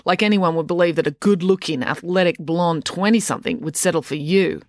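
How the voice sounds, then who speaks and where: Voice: mid-range voice, fairly quick, no echo, studio quality, lightly acted. A narrator voicing a sarcastic, hot-tempered teenage girl in an audiobook. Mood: scornful. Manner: scornful, shouting in outrage. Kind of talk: audiobook character voice.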